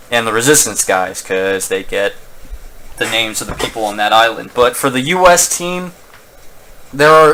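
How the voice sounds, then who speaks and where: A man's voice: medium pitch, a bit bright. A man hosting a casual let's play, rambling and joking in self-mocking asides while he plays. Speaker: gaming channel host.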